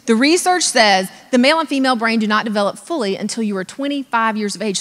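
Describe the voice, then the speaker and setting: A woman giving a humorous, animated motivational talk as a keynote speaker, acting out voices and joking with the audience. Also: medium pitch. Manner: animated, acts out voices, jokes with the crowd. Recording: long hall reverb.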